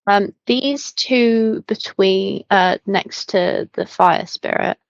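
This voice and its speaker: Woman player, slow and hesitant, gravelly voice, dull dry recording. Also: medium pitch, dry recording. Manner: hesitant, many ums and apologies. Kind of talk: playing a tabletop game.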